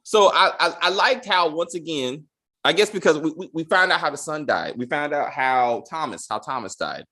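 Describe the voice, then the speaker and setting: A man co-hosting a casual TV review, animated and acting out characters' lines in funny voices. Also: fairly high pitch, normal speed. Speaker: podcast co-host.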